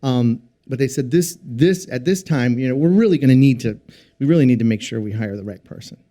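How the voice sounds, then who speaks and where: A man with a mid-pitched, mellow voice talking earnestly in a podcast interview. His talk is conversational and full of fillers. He comes across as sincere and plainspoken. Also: animated, a little fast. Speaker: podcast guest, company founder. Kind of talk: casual interview chat.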